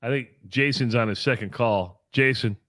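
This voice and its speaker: A man's voice: medium pitch, moderate pace, fairly bright tone, dry recording, clean studio sound. A man co-hosting a casual call-in radio show, chatty and laughing often as he tells stories.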